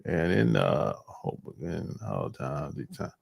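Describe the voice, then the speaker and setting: A man's voice: rumbling low, big pitch swings, a little slow, gravelly, breathy edge. A man hosting a livestream, chatting casually with viewers in a rambling, profane way and laughing often. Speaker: livestream host.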